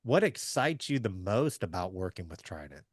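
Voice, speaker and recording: A man from Southeast Missouri, hosting a casual business chat in an energetic, folksy way. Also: low voice, moderate pace, dry recording, clean studio sound. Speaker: podcast host.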